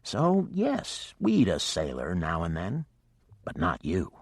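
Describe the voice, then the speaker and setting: A man's voice: sits low, wildly swooping pitch, slow, breathy edge, dry recording, studio quality, full character voice. A man voicing a chatty, blunt male fish-man sea skipper.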